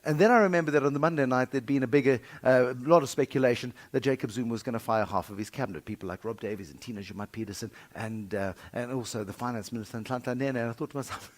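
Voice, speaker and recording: A man's voice: medium pitch, quick pace, few pauses. A middle-aged South African man giving a humorous keynote, telling stories with wry, dramatic swings in volume. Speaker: keynote speaker. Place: conference breakfast venue.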